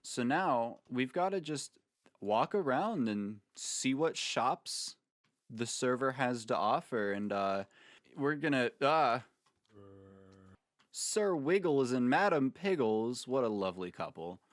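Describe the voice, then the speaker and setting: A man's voice: medium pitch, lively intonation, takes it slowly, no echo, studio quality. A man giving casual gameplay commentary as a video creator, jokey and rambling, with playful asides.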